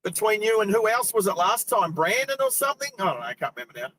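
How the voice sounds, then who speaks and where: A man's voice: high voice, sing-song, fast, bright, forceful tone, slight background noise, poor audio. A middle-aged Australian man hosting a live driving stream, chatting casually and rambling, laughing often. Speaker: host. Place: inside a car.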